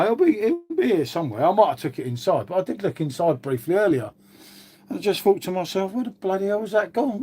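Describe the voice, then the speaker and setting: A man's voice: on the high side, a little mellow. A man chatting casually on a live stream, rambling and swearing now and then. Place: outdoors.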